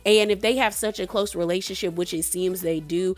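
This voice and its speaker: A young woman giving a casual, animated recap of a reality show. She laughs often and acts out the lines she quotes. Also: lowish voice, brisk. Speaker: reality TV reviewer.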